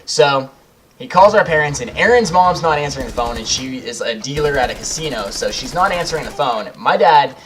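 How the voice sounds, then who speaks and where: A man's voice: medium pitch, lively intonation, fairly quick, crowd noise. A young man hosting a gaming video, rambling through a personal story, swearing freely and laughing as he goes. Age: young adult. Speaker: gaming channel host. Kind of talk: casual storytelling over gameplay.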